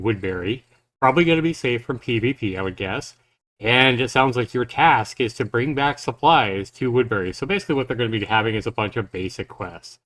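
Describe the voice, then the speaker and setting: A man's voice: medium pitch, fairly bright tone. A man giving casual live reaction commentary on a game trailer, thinking aloud in a loose, rambling way.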